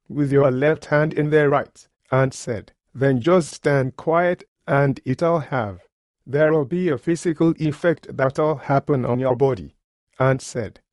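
A man's voice: fairly high pitch, a little mellow, no echo, studio quality. Earnest plain-spoken male preacher. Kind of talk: sermon testimony storytelling.

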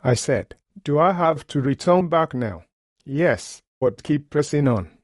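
A man's voice: fairly high pitch, animated, measured pace, no room sound, studio quality. Folksy man preaching a story. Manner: folksy, nonstandard grammar. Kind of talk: sermon storytelling.

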